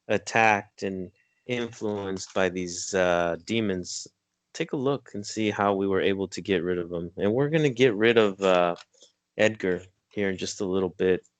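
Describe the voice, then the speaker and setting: A man's voice: fairly low pitch, no room sound. A man guiding a hypnosis session, giving directions, counting to three and repeating his commands. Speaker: hypnotist and energy healer.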